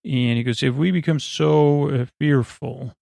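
Rambling man with a gravelly voice. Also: medium pitch, dark tone, no room sound, studio quality. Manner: meandering, halting delivery with many "uh" fillers. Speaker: podcast host. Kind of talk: rambling episode recap for sleep.

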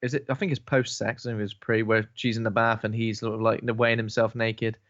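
A man's voice: on the low side, flat delivery, fairly quick, a bit bright, no echo, lo-fi sound. A man in casual film podcast chat, joking and slipping into silly voices. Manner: joking, does silly voices mid-story. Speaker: podcast co-host.

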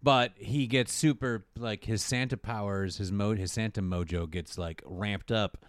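A man's voice: fairly low pitch, unhurried, dry recording, studio quality. Chatty man who laughs a lot. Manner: laughs often, mimics characters in exaggerated voices. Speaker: podcast co-host recapping a movie. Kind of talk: casual chat.

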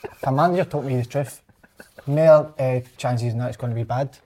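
A man's voice: medium pitch, fairly quick, dark tone, slight background noise. A man, a footballer, joking and teasing in casual podcast chat. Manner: jokey, teasing.

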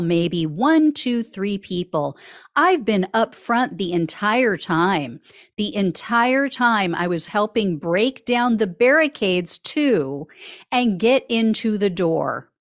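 A woman's voice: mid-range voice, animated, slow pace. A woman hosting a podcast, reading a scripted case update and breaking into sarcastic, indignant commentary. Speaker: podcast host.

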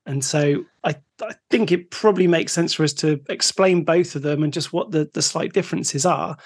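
A man's voice: a little high, moderate pace, breathy edge. A man from the West of England near Bristol with a West Country accent, co-hosting a podcast, easygoing, laughing often and explaining the topic. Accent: West Country English. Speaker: podcast co-host. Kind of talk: casual podcast chat.

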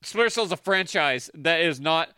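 A man co-hosting a casual video game chat, talking animatedly, swearing and jumping up in pitch to make a point. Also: moderate pace, clear, resonant tone, no room sound. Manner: animated, swears, jumps up in pitch when emphatic. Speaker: podcast co-host.

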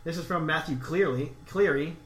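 A man's voice: a little high, normal speed. A young man co-hosting a casual podcast, reading listener letters aloud with teasing jokes. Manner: jokey, reads letters aloud with teasing asides. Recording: echoey room with faint noise.

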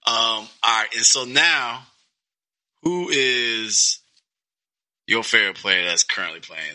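A man hosting casual chat, hyping others up with quick interjections. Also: mid-range voice, sharp tone. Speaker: podcast host.

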